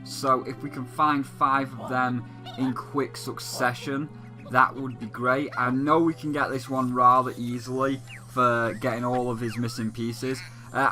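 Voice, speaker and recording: A man's voice: medium pitch, flat delivery, pushed and bright. A young man giving casual, rambling commentary while playing a video game. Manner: rambling and chatty, quick bursts. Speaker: let's play gamer. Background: faint game music.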